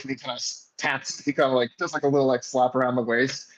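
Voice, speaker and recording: A man playing a tabletop role-playing game, describing his character's actions in a laid-back, halting way. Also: mid-range voice, flat delivery, low-quality recording. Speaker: player. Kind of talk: casual tabletop role-play narration.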